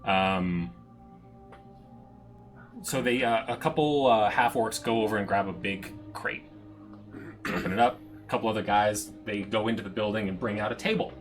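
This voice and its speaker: A man's voice: fairly low pitch, normal speed, long pauses, faint music behind. A man narrating as game master of a tabletop game, hesitant and full of fillers.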